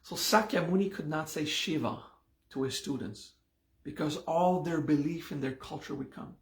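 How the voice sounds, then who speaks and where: A man teaching a live meditation class, explaining a mantra and its hand gesture at an unhurried pace and often checking in with "okay?". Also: a little high, gravelly, reverberant.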